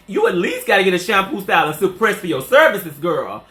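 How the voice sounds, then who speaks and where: Sassy high-voiced man in a roomy salon. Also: very animated, fairly quick, pushed and bright. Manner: sassy and chatty, calls viewers girl and honey. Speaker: hairstylist and salon owner. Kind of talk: casual live chat with viewers during a salon tour. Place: small indoor hair salon. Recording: roomy small-room sound.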